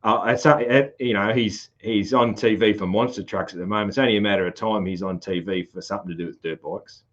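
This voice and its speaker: A man's voice: fairly low pitch, steady tone, fast talker, highs cut off. A man with a broad rural Australian accent hosting a casual podcast chat, rambling with lots of fillers and restarts. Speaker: podcast host.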